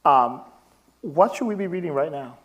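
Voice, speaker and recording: A man's voice: on the high side, expressive, moderate pace, lo-fi sound. A man moderating an event, asking questions hesitantly with fillers. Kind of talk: interview questions.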